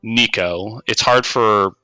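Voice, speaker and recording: A man running a tabletop game as game master, narrating at an unhurried pace with frequent hesitations. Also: on the low side, pushed and bright, clear, resonant tone, dry recording, faint music behind, low-quality recording.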